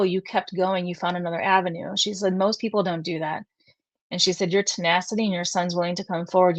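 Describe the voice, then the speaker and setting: An earnest middle-aged woman recounts a personal story as a talk show guest, quoting other people as she goes. Her voice sits a little low. The sound is dry and close. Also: no echo. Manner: emotional, earnest, quotes others at length. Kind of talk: conversational storytelling.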